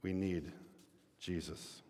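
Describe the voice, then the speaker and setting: Low-voiced preacher in an echoing hall. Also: male voice, slow. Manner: storytelling, rising into animated quoted voices then dropping low and quiet. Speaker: pastor. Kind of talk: sermon.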